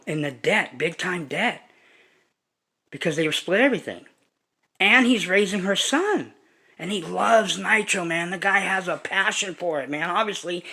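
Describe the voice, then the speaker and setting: A man's voice: sits high, bright, forceful tone. Rambling, cussing man vlogging to camera. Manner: rambling, profane and emphatic. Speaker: hobby vlogger. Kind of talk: casual chat to camera.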